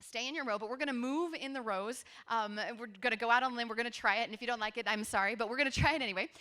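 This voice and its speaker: A woman in her forties giving a conference workshop talk, telling stories in a lively, conversational way with asides to her audience. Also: fairly high pitch, racing. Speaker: workshop presenter. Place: conference room with a seated audience.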